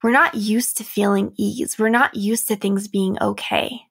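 A young adult woman hosting a reflective solo podcast as a coach, speaking softly and earnestly with light laughs. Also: mid-range voice, fairly even intonation, unhurried, vocal fry, breathy edge.

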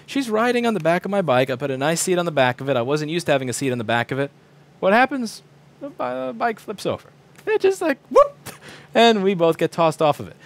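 Animated, profane man ranting. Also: mid-range voice. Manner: animated, profane, acts out quoted people in shifting voices. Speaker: repair shop owner and channel host. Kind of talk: casual rant to camera.

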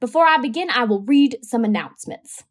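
A woman's voice: a little high, animated, fairly quick. A woman reading aloud, voicing a stern preacher man who makes formal announcements to his congregation.

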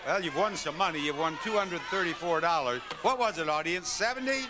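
A man's voice: on the high side, expressive, a little fast, heavy background noise. An older man hosting a game show, emphatically calling out numbers and urging contestants on. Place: TV studio. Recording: TV studio with loud audience and music.

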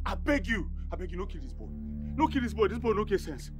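A street hustler with a Nigerian Pidgin accent, his high voice leaping up and down as he argues. Soft film music hums underneath. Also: sing-song, racing, gravelly, exaggerated voice. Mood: pleading. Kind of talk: Nollywood film acting.

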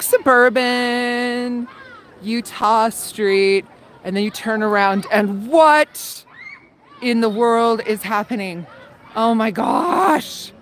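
A woman hosting a live walkthrough outdoors on a suburban street, excitedly exclaiming and talking to her viewers as she walks. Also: a little high, slight background noise. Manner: excited, exclaiming, talks to viewers as "guys" and "dudes". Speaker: livestream host. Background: faint crowd of trick-or-treaters.

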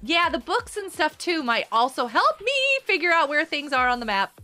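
A woman's voice: sits high, big pitch swings, moderate pace, sharp tone, faint music behind. A woman streaming a game live, chatting to viewers by name, giggling and panicking as she plays. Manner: bubbly, giggly, often panicked; talks to chat viewers by name.

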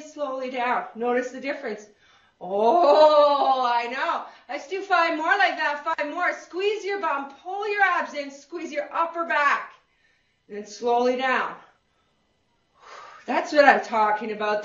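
A woman fitness instructor with a high-pitched, slightly bright voice leads a workout class, counting reps, giving cues and whooping to encourage. The recording sounds roomy, distant and dull.

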